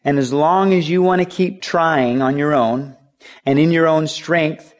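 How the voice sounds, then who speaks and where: A middle-aged man preaching a sermon in a conversational way, telling stories and acting out the voices of the people in them. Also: fairly high pitch. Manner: conversational preaching, acts out quoted voices, rises to urgent pleas. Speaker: pastor.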